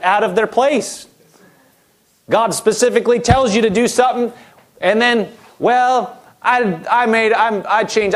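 A man preaching a sermon in a direct, conversational way, acting out quoted objections as he goes. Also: very high-pitched.

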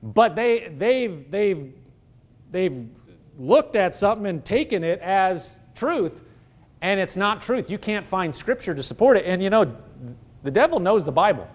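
A man preaching a sermon as pastor, emphatic, throwing rhetorical questions at the congregation. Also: sits high.

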